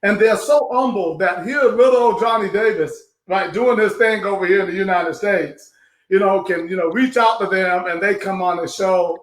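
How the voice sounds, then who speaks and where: A man hosting a live online show, talking with loud, emotional enthusiasm. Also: sits high, moderate pace, reverberant. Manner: effusive, emotional, loud exclamations.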